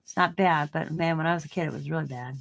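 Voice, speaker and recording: This craft-channel host has a low voice with vocal fry and talks at a quick pace while she works. Her casual chat rambles, is full of giggles and repetition, and carries a light stutter.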